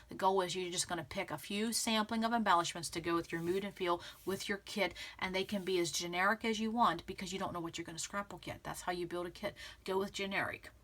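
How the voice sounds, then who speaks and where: A woman's voice: medium pitch, a bit bright. A woman hosting a scrapbooking tutorial, talking casually and encouragingly to her viewers, often saying "okay" and "again.". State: clearing throat from pollen. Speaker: scrapbooking channel host.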